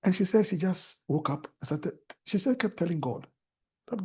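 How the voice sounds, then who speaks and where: A Ghanaian man speaks as a talk-show guest, turning his stories into earnest preaching about faith. His voice is mellow and soft, with a slight husk to it. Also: sits high, lively intonation, normal speed, breathy edge.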